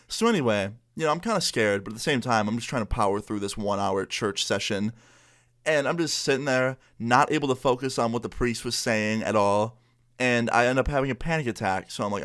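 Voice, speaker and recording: A young man casually telling a personal story, acting out the voices of people he quotes. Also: fairly quick. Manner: animated, acts out quoted voices with pitch jumps. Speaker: storytime YouTuber.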